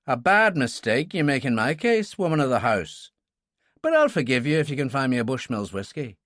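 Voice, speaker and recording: A man's voice: medium pitch, big pitch swings, moderate pace, fairly bright tone, dry recording, studio quality. A man voicing a wry, mocking man, in an audiobook.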